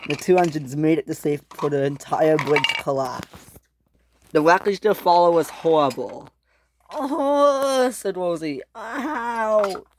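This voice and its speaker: A young man, likely a boy, narrating an improvised toy train story, excitable, with frequent restarts and loud screams for the characters. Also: on the high side, moderate pace, noisy background.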